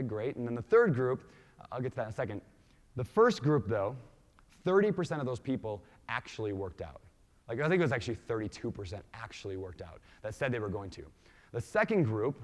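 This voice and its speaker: A man with an accent mixing Minnesota, Washington and Hawaii gives an energetic keynote talk, quizzing the audience with questions. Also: mid-range voice. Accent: mixed Minnesota, Washington and Hawaii. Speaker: conference speaker. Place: large conference hall. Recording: reverberant conference hall.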